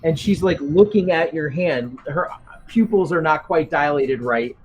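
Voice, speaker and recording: A man's voice: a little high, animated, measured pace, soft background music, rough recording. A man narrating as game master for a tabletop game, rambling with many ums and restarts.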